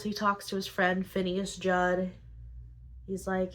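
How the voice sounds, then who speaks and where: A woman's voice: mid-range voice, little pitch movement, poor audio. A woman hosting a podcast, casually summarizing story plots in a chatty way with lots of asides. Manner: chatty, retells plots with filler "like" and quick asides. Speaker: podcast host.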